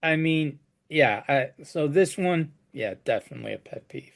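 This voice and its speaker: A flooring contractor tells stories from his jobs in a casual chat, often restarting his sentences. His voice is fairly high, animated and at normal speed, with vocal fry.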